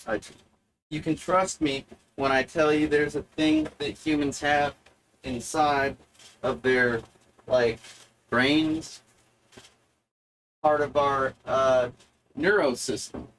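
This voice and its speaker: A man delivering a provocative monologue to the viewer, sardonic and deliberate, halting often to find his words. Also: on the high side, fairly bright tone, slight background noise, low-quality recording. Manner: mock-lecturing, talks straight to the viewer. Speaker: video essayist.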